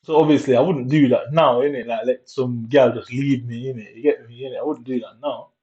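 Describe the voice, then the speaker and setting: A man's voice: medium pitch, steady tone, brisk, dark tone, muffled recording. A young man telling a rambling story in casual vlog style, full of tag questions and fillers, while walking around his old school. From Jamaica.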